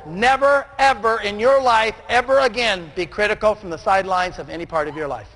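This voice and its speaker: A man giving a motivational speech to a live audience, often shouting and calling for responses. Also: high voice, moderate pace, hardly any pauses. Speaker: motivational speaker.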